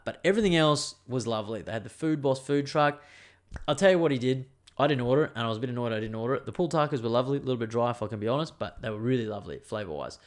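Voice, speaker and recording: A young man hosting a podcast, telling a story in an animated, swearing, casual way. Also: medium pitch. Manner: animated, swears freely, lots of fillers. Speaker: podcast host.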